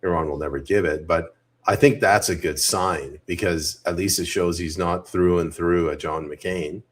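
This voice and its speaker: A man co-hosting a podcast, giving measured, wry opinions on politics in casual conversation. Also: low-pitched, fairly even intonation. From Canada. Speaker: podcast co-host.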